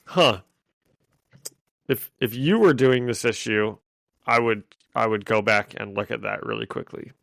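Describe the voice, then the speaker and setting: Excitable podcast co-host man, gravelly voice. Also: lowish voice, unhurried, pauses often, no echo. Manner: excitable, laughs often. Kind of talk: casual chat.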